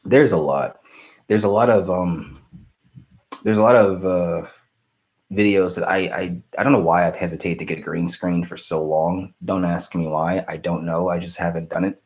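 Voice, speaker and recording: This relaxed young streamer answers what viewers ask, meandering through lots of filler words and restarts. His voice is low-pitched.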